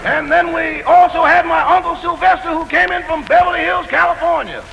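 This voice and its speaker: Laid-back gravelly valet, high pitched, noisy 1940s radio broadcast. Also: male voice, a little fast, dull audio. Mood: sly. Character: sly, easygoing adult male valet calling in. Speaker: valet Rochester on the phone.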